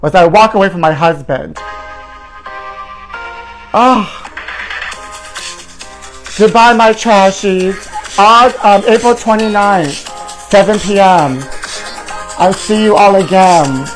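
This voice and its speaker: A man's voice: sits high, slow, long pauses, soft background music. A man doing a flamboyant gossip show host. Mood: campy. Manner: dramatic, rambling, sighing and groaning. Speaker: parody talk-show host. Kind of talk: campy comedic monologue.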